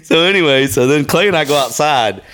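A man's voice: a little high, animated, brisk, a bit bright. A middle-aged man co-hosting a podcast, swearing freely and telling funny stories while laughing a lot. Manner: profane, storytelling, laughs often. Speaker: podcast co-host. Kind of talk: casual comedic chat over beer tasting.

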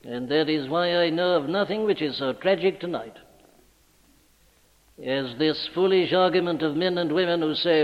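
A man preaching a sermon in a church, speaking emphatically and building to forceful declarations. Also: on the high side, moderate pace. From Wales. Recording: dull archival recording in a large reverberant church.

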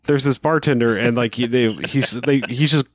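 A man recaps a film on a podcast, rambling and restarting as he goes, with sudden jumps into goofy voices for the characters. His voice sits at an ordinary middle pitch. The mic sound is close and dry, with no room echo. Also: fairly even intonation, moderate pace. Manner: rambling, acts out quotes in silly voices. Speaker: podcast co-host. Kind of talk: casual movie recap chat.

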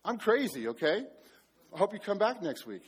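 A man preaching a sermon as pastor to a live congregation, telling stories in an animated, self-mocking way and joking with the audience. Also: high voice, moderate pace, breathy edge. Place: church before a live audience.

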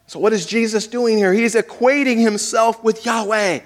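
A male pastor preaching a sermon, dramatic, swinging between loud and hushed, asking the audience questions. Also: sits high, animated, moderate pace. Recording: echoey hall with long reverb.

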